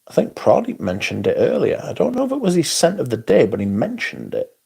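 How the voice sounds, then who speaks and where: A man's voice: fairly high pitch, wildly swooping pitch, a little fast, gravelly, a little mellow, breathy edge. A sleepy man hosting a casual livestream, reading viewer comments aloud and answering them. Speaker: livestream host.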